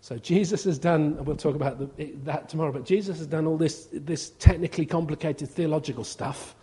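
A man's voice: fairly high pitch, fairly quick, warm tone. A man, a visiting preacher giving an informal, humorous sermon and acting out quotes. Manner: chatty, humorous, acts out quotes.

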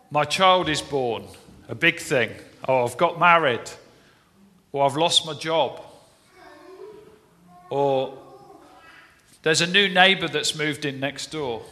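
A man's voice: fairly high pitch, bright, forceful tone. A man preaching, telling a story in a conversational way with many fillers. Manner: anecdotal, conversational, with frequent fillers. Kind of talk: sermon storytelling. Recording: long reverberant hall.

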